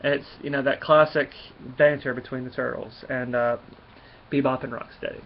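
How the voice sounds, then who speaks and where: A man's voice: medium pitch, steady tone, moderate pace, a little hiss or hum. A man giving a casual, rambling comic book review, full of fillers and restarts. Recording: dull lo-fi recording.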